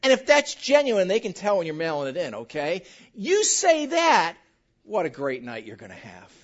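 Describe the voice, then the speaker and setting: A woman's voice: lowish voice, moderate pace. A woman pastor preaching a sermon, telling jokey stories straight to the congregation. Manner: animated, joking storytelling addressed to the congregation. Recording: muffled lo-fi recording.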